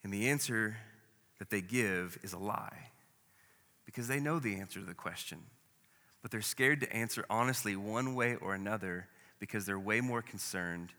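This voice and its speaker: A male pastor preaches with a bright, forceful voice that rings out through a long, reverberant hall. He is dramatic and slips into the voices of the people in his story. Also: fairly low pitch, moderate pace. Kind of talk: sermon.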